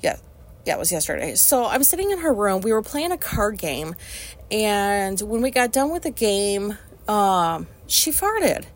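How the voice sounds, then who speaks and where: A woman's voice: mid-range voice, sing-song, a little slow. A woman hosting a podcast, telling a casual story in a rambling way, with lots of fillers and free swearing. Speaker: podcast host.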